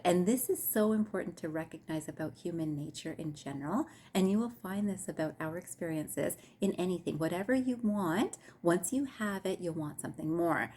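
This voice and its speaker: A woman hosting her own wellness channel, telling a parable to her viewers in a gentle, measured way. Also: on the low side, slightly rough. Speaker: host of a mindfulness and grief channel. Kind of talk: storytelling talk to camera.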